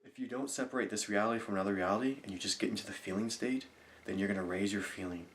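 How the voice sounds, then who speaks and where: A man with a fairly low voice speaks to camera, guiding a visualization. His explanations come in eager, rambling stretches full of restarts, and he falls into quiet, murmured affirmations. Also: fairly even intonation, very fast, slight background noise. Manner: drops to soft, murmured affirmations, laughing often. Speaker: self-help vlogger. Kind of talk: guided visualization demonstration to camera. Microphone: camera mic.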